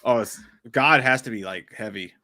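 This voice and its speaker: A man's voice: on the low side, normal speed, sharp tone, no room sound, clean studio sound. A man co-hosting a live show, reading out chat comments with loose, jokey banter. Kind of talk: crude casual banter.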